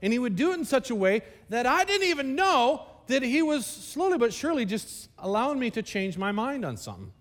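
High-voiced animated preacher, man. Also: a little fast, few pauses. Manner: conversational, animated preaching with asides to the congregation. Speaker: pastor. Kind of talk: sermon. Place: church service.

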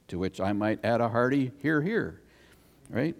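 A man's voice: medium pitch, expressive, a little slow, vocal fry. Man preaching in a reverberant hall. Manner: conversational storytelling preacher, rises to emphatic scripture reading. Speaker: pastor. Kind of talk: sermon. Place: church sanctuary. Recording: long reverb of a church hall.

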